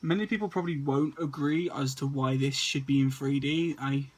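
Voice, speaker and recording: A man's voice: medium pitch, steady tone, normal speed, breathy edge. A man, stuttering and restarting often as he casually talks through a list of movies to his camera. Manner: stutters and repeats words often. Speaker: movie vlogger.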